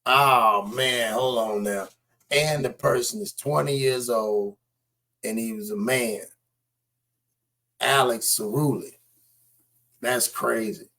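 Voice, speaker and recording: Skeptical man reacting to clips. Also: mid-range voice. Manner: skeptical, animated, talks straight to viewers. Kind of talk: casual reaction commentary.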